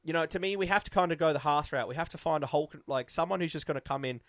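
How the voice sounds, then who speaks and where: A man's voice: fairly high pitch, rapid-fire, a bit bright, dry recording, clean studio sound. A man co-hosting a casual motor-racing chat podcast, opinionated and prone to restarting his sentences. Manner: opinionated, restarts and repeats himself. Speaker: podcast co-host.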